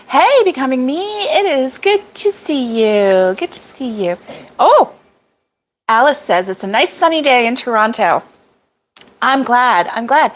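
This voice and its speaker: A middle-aged woman who hosts a crochet vlog runs a casual live stream from a cabin in the woods, chatting away, laughing often, and reading viewer comments aloud. Her mid-range voice comes through a rough recording.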